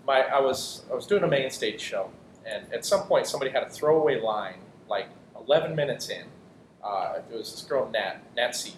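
Joking improv guy in an echoey room. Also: animated. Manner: quick, joking storyteller with many restarts. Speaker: improv performer. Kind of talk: casual interview chat. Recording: echoey room with faint rumble.

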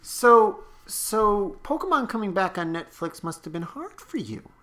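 A woman's voice: medium pitch, big pitch swings, measured pace, fairly bright tone, slight background noise. A woman on a comedy panel, teasing the others in a mock-innocent way during an improvised chat.

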